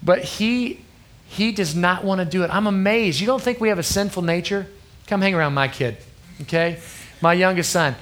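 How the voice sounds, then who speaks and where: A man's voice: high voice, moderate pace, fairly bright tone. Earnest man preaching to youth. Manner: earnest, conversational, often asks the crowd "okay?". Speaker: youth pastor. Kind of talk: sermon to a youth group.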